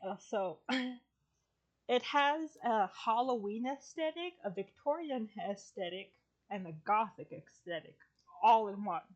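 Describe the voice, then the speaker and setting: A woman's voice: a little high, animated, a little slow, dull audio. A woman chatting casually on a podcast, rambling through an anime plot with lots of fillers, restarts and swearing. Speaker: streamer and podcast guest. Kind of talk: casual chat.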